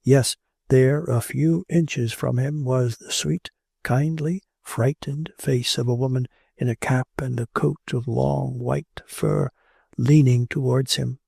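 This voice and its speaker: Man reading an old novel aloud, steady and measured, gravelly dark voice. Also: mid-range voice, no room sound, studio quality. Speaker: audiobook narrator. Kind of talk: audiobook narration of classic fiction.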